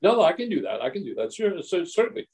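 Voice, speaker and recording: A man in his sixties, a real estate investor being interviewed, telling quick, animated anecdotes with frequent restarts. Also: high-pitched, husky. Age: 60s. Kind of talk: storytelling in a podcast interview.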